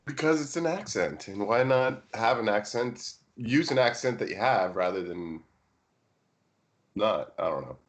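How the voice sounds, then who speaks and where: A man acting as dungeon master in casual tabletop game chat, talking in a halting way with lots of fillers. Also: on the low side, lively intonation. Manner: halting, filler-heavy talk.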